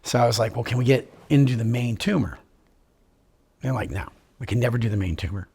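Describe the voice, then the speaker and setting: Husky man telling his own story. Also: mid-range voice, fairly quick, warm tone. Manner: upbeat, joking, quotes others in dialogue. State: living with terminal illness. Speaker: interviewee. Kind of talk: personal storytelling.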